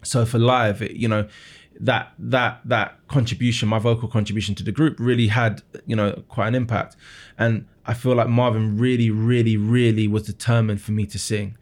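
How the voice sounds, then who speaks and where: Man in his thirties, musician guest; earnest, halting retelling, lowish register. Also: flat delivery. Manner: earnest, with frequent restarts and repeated words. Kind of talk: storytelling interview answers.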